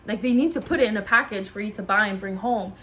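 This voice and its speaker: A woman's voice: medium pitch, quick pace, sharp tone, slight background noise. A woman talking casually and enthusiastically about her kitchen tools in a home vlog, chatty with frequent fillers. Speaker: wellness vlogger.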